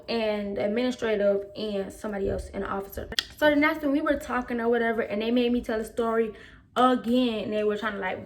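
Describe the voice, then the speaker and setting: A woman telling a personal story in a casual storytime vlog, slangy and emphatic, and she replays what she said back then. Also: on the high side. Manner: animated, replays her own past remarks in quotes.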